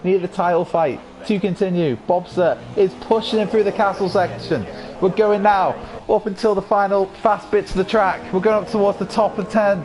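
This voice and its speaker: Croaky excitable man calling a race. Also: sits high, moderate pace, few pauses. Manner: excitable, rising to yells at incidents. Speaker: league race commentator. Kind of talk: live sim racing commentary.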